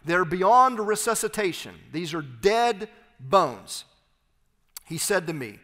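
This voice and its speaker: A man preaching an expository sermon as pastor, reading scripture aloud and explaining it with emphatic, slowed phrases. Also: high voice, lively intonation, a bit bright, big-room sound. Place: church sanctuary.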